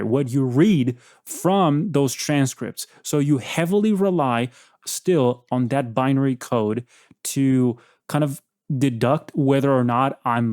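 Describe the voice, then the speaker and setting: A man's voice: medium pitch, a little mellow, no room sound, clean studio sound. A man hosting a casual chat, blunt and probing as he questions an AI. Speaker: host.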